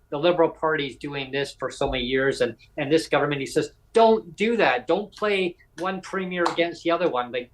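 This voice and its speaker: A man's voice: medium pitch, fairly bright tone, rough recording. Guy hosting a podcast, rambles through stories, does the other person's lines too. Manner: rambling, acts out quoted dialogue. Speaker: podcast host and disability advocate. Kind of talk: casual storytelling chat.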